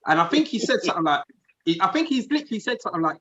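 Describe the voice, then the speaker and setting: A man's voice: high voice, big pitch swings, rapid-fire, pushed and bright. A man from telling a rambling story in casual podcast chat. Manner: rambling, repeats himself while telling a story. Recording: dull lo-fi podcast audio.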